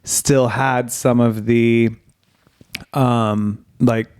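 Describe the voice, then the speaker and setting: A man's voice: mid-range voice, drawn-out words, clean tone. A man from Ohio co-hosting a podcast, telling stories in casual chat and laughing often, through a headset mic. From Ohio, USA. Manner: laughs often, relaxed storyteller. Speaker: podcast co-host.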